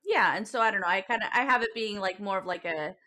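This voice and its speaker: A woman's voice: medium pitch, quick pace, bright, forceful tone. A woman co-hosting a podcast, talking casually about books in a rambling way, with lots of fillers, restarts and some swearing. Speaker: podcast co-host. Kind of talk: casual book chat.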